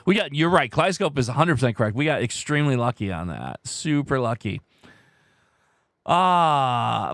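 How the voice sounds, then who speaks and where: A man's voice: fairly high pitch, no room sound, clean studio sound. A man hosting a casual live stream, thinking aloud as he weighs guesses and chats with viewers.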